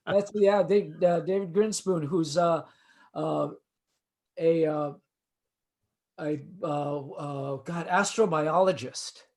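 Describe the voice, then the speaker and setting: An older man from East Los Angeles talks casually, with a voice that sits a little high for a man. He rambles and halts, circling back through fillers and restarts as he tells a road story. The feel is relaxed guest chat. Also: takes it slowly, pauses often. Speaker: musician guest.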